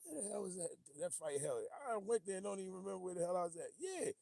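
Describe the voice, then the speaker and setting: A man with hosting a casual livestream, rambling and animated, often losing his train of thought and laughing as he reads viewer comments. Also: sits high, fast talker, vocal fry, no room sound. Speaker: livestream host.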